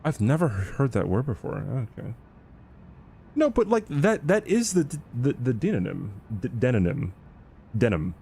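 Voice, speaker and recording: Male streamer, rambling and combative banter with chat, warm tone, very expressive pitch. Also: moderate pace, husky. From United States. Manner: animated, argumentative, rambling, swears casually. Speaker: game streamer. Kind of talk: casual live-stream chat with viewers.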